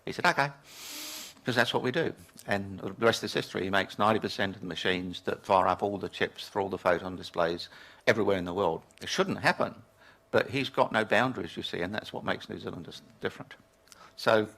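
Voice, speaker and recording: An older man from England speaks to a room full of people, spinning anecdotes and chuckling at his own jokes. His voice sits a little low but comes across bright and forceful. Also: gravelly. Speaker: keynote speaker. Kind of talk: storytelling talk to a live audience. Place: lecture room with audience.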